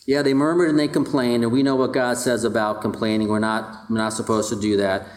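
A man's voice: mid-range voice, little pitch movement, fairly quick, reverberant. A man delivering a sermon in a conversational style and putting rhetorical questions to his congregation. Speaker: pastor.

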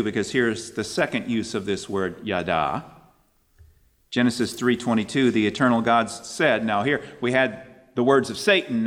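A man preaching a sermon, emphatic, his pitch climbing on questions and quoted scripture. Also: a bit bright, big-room sound.

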